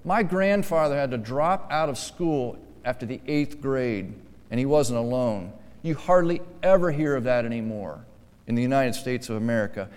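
Man preaching with a smooth, resonant voice. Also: medium pitch, expressive, a little slow, in a large hall. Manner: emphatic preaching, swinging between quiet asides and forceful stressed lines. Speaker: pastor. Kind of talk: sermon.

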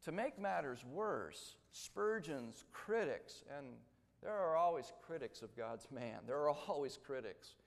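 A man preaches a sermon and tells the story dramatically, building to loud emphatic peaks and then dropping to hushed, quiet lines. His voice sits a little high for a man. It rings out with the long reverb of a large hall. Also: lively intonation, measured pace, creaky.

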